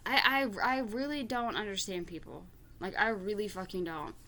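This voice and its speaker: A reaction vlogger reads viewer comments aloud, ranting in exasperation, swearing, and stumbling over repeated words. Her medium-pitched voice is animated and sharp-toned, at normal speed.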